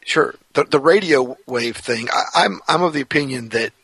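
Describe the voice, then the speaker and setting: A man hosting a talk radio show, easygoing and quick to agree. His voice is gravelly and forceful with a husky edge, and it sounds dry and close. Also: medium pitch, no echo. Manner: relaxed, agreeable, chiming in with quick assents. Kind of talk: casual radio interview.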